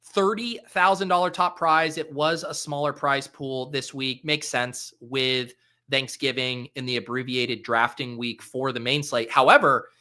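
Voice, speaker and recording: A man hosting a casual solo recap, chatty and upbeat, with frequent "uh" fillers and quick self-corrections. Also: mid-range voice, steady tone, sharp tone. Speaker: fantasy sports host.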